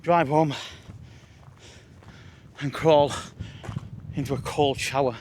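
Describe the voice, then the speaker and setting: A man's voice: on the high side, fairly even intonation, slow, a little mellow. A man, talking to camera on a long walk, tired and chatty, puffing and sighing between remarks. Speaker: walking vlogger. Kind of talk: casual walking vlog. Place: outdoors on a moorland road. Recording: outdoor walk with noticeable background noise.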